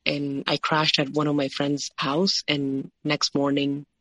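A woman's voice: deep voice, flat delivery, a little slow, a bit bright, no echo. Woman retelling her story, dry sound. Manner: recounting with many "like" and "you know" fillers, quoting others. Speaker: interview guest. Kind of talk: personal story in a podcast interview.

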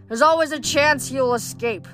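Woman doing a gruff male blacksmith god, blunt, wry, slow and deliberate. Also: high voice, fairly bright tone, soft background music. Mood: musing.

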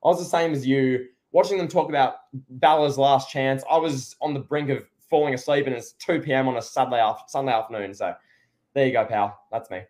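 A man's voice: mid-range voice, steady tone, brisk, darkish tone. A man co-hosting a casual wrestling review podcast, talking in a rambling, sarcastic way and often restarting his sentences. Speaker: podcast co-host.

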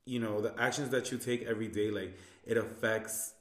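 Low-voiced male podcast host, echoey room. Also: steady tone, brisk. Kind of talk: casual podcast chat.

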